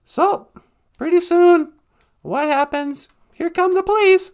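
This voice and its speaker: A male podcast host spins a long joke in a rambling, playful way. His voice sits high for a man and has a gravelly rasp. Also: slow, long pauses. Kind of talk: joke storytelling.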